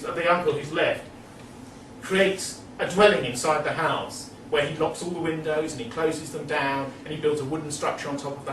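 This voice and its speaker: A man giving a rambling, digressive talk at a meeting, full of asides and chuckles. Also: on the high side. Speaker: speaker at a meeting. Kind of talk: lecture-style speech. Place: meeting room. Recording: echoey hall, distant mic, background noise.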